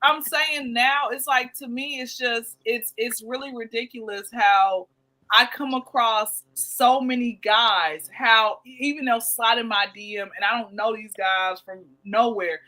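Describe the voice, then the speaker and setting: A woman's voice: fairly high pitch, steady tone, unhurried, pushed and bright, poor audio. A woman hosting a casual podcast chat, talking frankly and animatedly with lots of fillers. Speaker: host.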